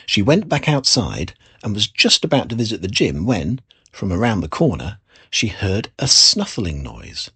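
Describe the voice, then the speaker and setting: Husky, lively storybook narrator. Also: low-pitched, normal speed. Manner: expressive, animated storytelling. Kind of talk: storybook reading.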